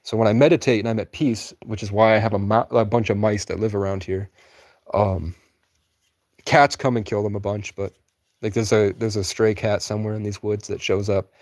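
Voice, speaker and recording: A young man with a fairly high voice, rambling loosely through a live stream from the woods at night and swearing casually. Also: fairly even intonation, normal speed, darkish tone. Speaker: livestreamer.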